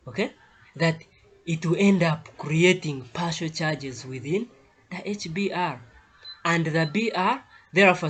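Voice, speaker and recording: A man's voice: fairly high pitch, fairly bright tone. A man teaching a chemistry lesson, stressing key points over and over and tagging his sentences with "eh?" and "okay?", now and then dropping to a near whisper. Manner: emphatic, repeats key points with tag questions like "eh?" and "okay?".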